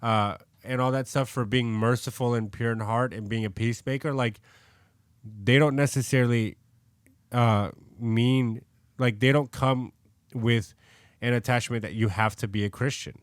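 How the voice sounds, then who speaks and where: A man's voice: mid-range voice, fairly even intonation, moderate pace, clear, resonant tone, no echo, studio quality. A man co-hosting a faith podcast, talking loosely and casually with lots of "like" fillers. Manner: loose and conversational, many "like" fillers. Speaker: podcast co-host. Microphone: studio podcast mic.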